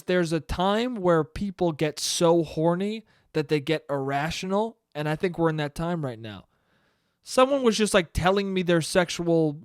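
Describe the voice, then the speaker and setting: A young man rambles through a solo podcast rant, swearing freely and slipping into mock voices for the people he quotes. His voice sits a little high and sounds smooth and clear. The recording is dry and close, with no room sound. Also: no echo. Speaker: podcast host.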